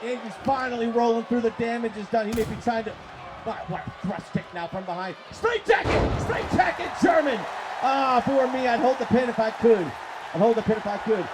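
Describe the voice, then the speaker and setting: Excitable high-voiced wrestling commentator. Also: male voice, fairly quick. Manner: excitable, profane, often shouting. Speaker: play-by-play commentator. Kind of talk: live wrestling commentary on a stream. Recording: streamed commentary over crowd noise.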